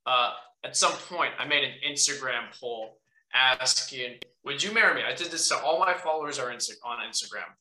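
A man's voice: medium pitch, moderate pace, sharp tone. A young man telling earnest, self-deprecating stories in a casual chat as a podcast co-host. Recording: echoey room.

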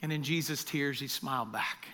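A man's voice: medium pitch, normal speed, pushed and bright. A male pastor preaching a sermon, telling a story in an earnest way and addressing the church directly.

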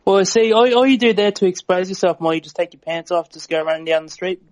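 A man's voice: high voice, fast talker, no room sound. A man from Australia chatting casually on a podcast, hesitant and full of fillers. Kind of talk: casual chat.

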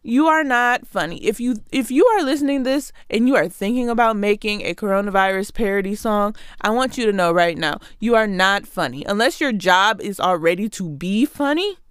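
A woman's voice: medium pitch, lively intonation, fairly quick, hardly any pauses, smooth, no echo, clean studio sound. A woman hosting a show, delivering a sarcastic, exasperated comedic rant straight to her listeners. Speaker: podcast host.

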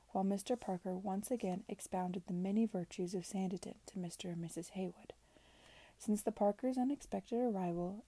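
Soft whispering woman, whispered role-play read-aloud. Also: lowish voice, no room sound. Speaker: reader.

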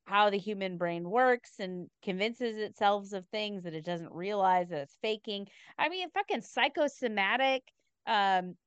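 Blunt, sarcastic woman with a smooth voice. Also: medium pitch, dry recording, dull audio. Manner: blunt, sarcastic, heavy swearing. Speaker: podcast co-host. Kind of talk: casual chat.

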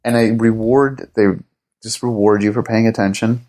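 A man speaks in a fairly low register as an interview guest. He talks casually and enthusiastically, circling his thoughts with fillers and restarts. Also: steady tone, moderate pace, dark tone. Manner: rambling, lots of fillers and restarts; enthusiastic fan talk. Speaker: guest writer and TV producer.

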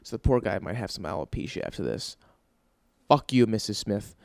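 A man's voice: lowish voice, lively intonation, brisk, creaky, a little mellow, no echo. A man hosting his own podcast, ranting with heavy swearing in an exasperated comedic monologue. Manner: profane, exasperated rants. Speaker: podcast host.

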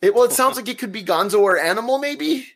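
A man's voice: very high-pitched, animated, fast, fairly bright tone. A man co-hosting a podcast, recapping a film in rambling casual chat and laughing often. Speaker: podcast co-host.

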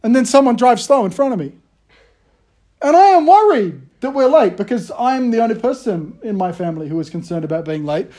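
A man, preaching a casual, conversational sermon with self-deprecating, animated storytelling. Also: very high-pitched, a little fast. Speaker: pastor.

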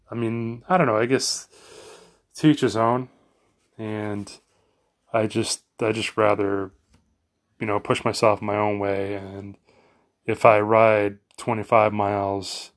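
A middle-aged man chatting casually on a live stream from his phone, meandering and correcting himself with lots of fillers. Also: fairly low pitch. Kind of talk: rambling casual monologue.

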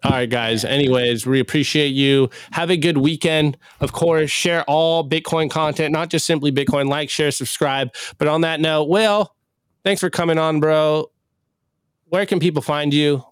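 Upbeat male podcast host, smooth voice. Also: on the high side, steady tone, moderate pace, dry recording, studio quality. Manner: upbeat, loose, hype sign-off. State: recovering from illness. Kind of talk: casual livestream chat.

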